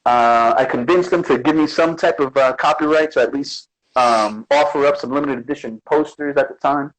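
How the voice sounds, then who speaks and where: A man's voice: medium pitch, moderate pace, low-quality recording. A man from the Bronx, a guest artist chatting casually in an interview and acting out his stories. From the Bronx, New York. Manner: animated storyteller, acts out quotes.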